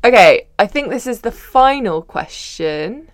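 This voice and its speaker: A woman hosting a podcast, reading listener questions and adding brisk, friendly comments. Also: on the high side, expressive, no echo, studio quality. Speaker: podcast host.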